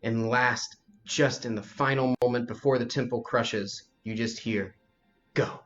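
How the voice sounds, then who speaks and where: Brief: male game master, mid-pitched voice, slow descriptive narration, slightly dull recording. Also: steady tone, a bit bright. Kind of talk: narrating a tabletop role-playing game for kids. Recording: lo-fi with faint music.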